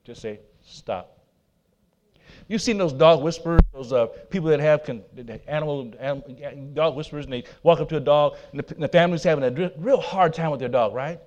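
A man preaching a sermon in a somewhat high voice, bold and emphatic. He drops into soft asides between his loud declarations and speaks straight to his congregation. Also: brisk, few pauses, muffled recording, a little hiss or hum. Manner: laughs at himself, talks to the congregation. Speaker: pastor.

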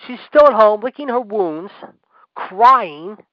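Brash, high-voiced man ranting sarcastically. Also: animated, slow pace, dry recording. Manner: brash, sarcastic, swings between loud jabs and low asides. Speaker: wrestling podcast co-host. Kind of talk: opinionated wrestling rant. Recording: dry, slightly dull podcast audio.

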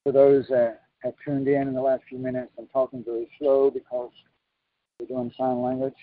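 A man preaching a sermon slowly and deliberately, with sudden high emphatic jumps in his voice. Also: little pitch movement, no room sound. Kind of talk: sermon with sign language interpretation. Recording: tinny phone-like broadcast line.

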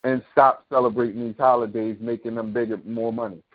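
Through tinny, phone-like sound, a medium-pitched talk show host talks fairly quickly with a flat delivery. His monologue is still an impassioned, preachy rant of opinions, packed with profanity and sarcastic rhetorical questions.

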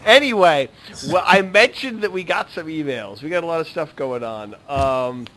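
A man's voice: a little high, normal speed, low-quality recording. A man hosting a comics podcast, chatting casually and joking with his co-hosts. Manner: joking, animated banter. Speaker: podcast host. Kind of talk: casual chat.

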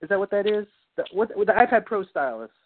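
A man's voice: sits high, very animated, brisk, a little hiss or hum. A man hosting a podcast in casual chat, rambling and swearing constantly. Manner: swears constantly, rambling, says "you know what I mean". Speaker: podcast host. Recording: tinny phone-like audio.

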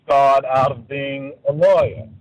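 A man calling in to a radio show, giving his opinions in a halting way and often repeating words. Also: medium pitch, steady tone, poor audio. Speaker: caller. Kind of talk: call-in radio commentary.

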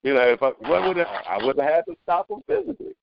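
A middle-aged man on a community call, telling a story as a testimony, animated, with many restarts. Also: fairly high pitch, quick pace, gravelly, dull audio, heavy background noise. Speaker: caller sharing a testimony. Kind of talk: casual spoken testimony.

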